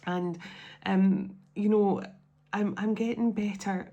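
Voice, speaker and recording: A woman's voice: medium pitch, fairly even intonation, slow, gravelly, dark tone, dull audio. A woman hosting a spiritual tarot channel, talking to her viewers at home in a casual, heartfelt and emotional way, often restarting her sentences. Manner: emotional, rambling, with many restarts.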